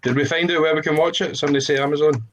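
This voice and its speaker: A man's voice: a little high, fairly even intonation, rapid-fire, fairly bright tone. A man, co-hosting a web show and teasing his friends in competitive banter. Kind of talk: casual banter.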